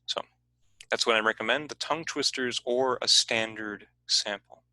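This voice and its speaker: A man presenting a teaching workshop over a video call, explaining in a relaxed, conversational way. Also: mid-range voice, moderate pace, no room sound, low-quality recording.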